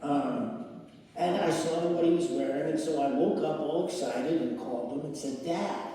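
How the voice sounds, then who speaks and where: A middle-aged man giving a sermon, telling personal stories slowly with laughter. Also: fairly high pitch, dark tone. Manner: slow, storytelling with laughs. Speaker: spiritual speaker. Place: large hall with audience. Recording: echoey hall, distant mic.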